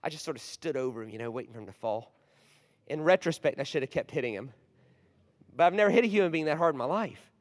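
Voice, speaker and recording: A man in his forties preaching a storytelling sermon, animated, moving from hushed asides to loud bursts. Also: a little high, fast talker. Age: 40s. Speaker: guest preacher. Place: large church hall. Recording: long hall reverb.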